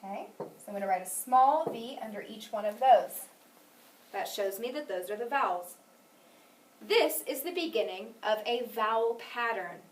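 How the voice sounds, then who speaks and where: Woman, phonics teacher, patient, encouraging, slightly high voice, echoey room. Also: animated, normal speed, recorded from a distance. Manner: patient, clear, encouraging, stresses syllables carefully. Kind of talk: one-on-one phonics lesson.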